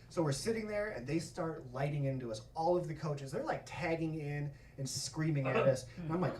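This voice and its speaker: A man telling a stand-up story on a comedy club stage, profane and animated, often breaking into laughter. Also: on the high side, normal speed, distant mic, slight background noise. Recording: echoey club miked from afar. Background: audience laughter.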